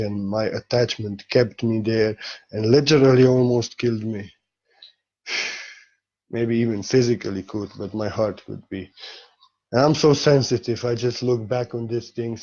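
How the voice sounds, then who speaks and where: A man's voice: on the low side, a little mellow, dull audio. A man giving an informal spiritual talk as a teacher, speaking candidly and emotionally, blunt and sometimes swearing.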